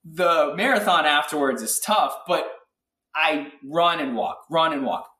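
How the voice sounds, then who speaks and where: Animated man, echoey distant sound. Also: a little high, measured pace. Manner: energetic, animated storytelling with lots of fillers. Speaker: guest athlete. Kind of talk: casual interview chat.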